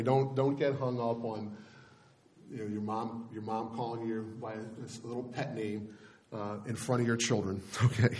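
A man's voice: medium pitch, darkish tone. A middle-aged man preaching a sermon as pastor, speaking in a conversational, folksy way with frequent restarts.

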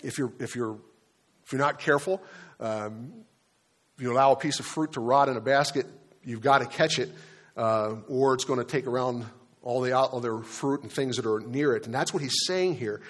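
A man delivering a sermon at an easy, talking pace. He often pauses on fillers and restarts his sentences as he explains a passage. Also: medium pitch. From Delaware, United States. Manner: conversational preaching with fillers and repeated words. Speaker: pastor.

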